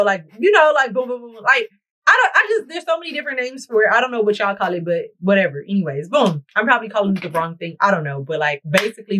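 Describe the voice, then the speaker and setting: A woman's voice: medium pitch, fairly bright tone, low-quality recording. A young woman vlogger chatting a dramatic storytime straight to her viewers while she does her makeup. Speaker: beauty vlogger. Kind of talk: storytime chat while getting ready. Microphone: camera mic while doing her makeup.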